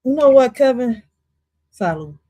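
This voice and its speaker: Loud, swearing woman streamer, dry close sound. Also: high voice, animated, a little slow, no room sound, rough recording. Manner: loud, jumpy and swearing, jumping between jokes and asides. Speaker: livestream host reacting to an interview clip. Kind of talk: casual profane reaction commentary.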